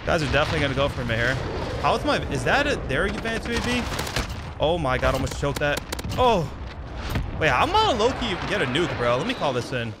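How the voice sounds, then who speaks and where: A young man giving excited, trash-talking commentary over his own gameplay, often repeating himself. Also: on the high side, a little fast, very noisy. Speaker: gaming YouTuber. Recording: game gunfire loud behind voice. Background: gunfire and explosions from the game.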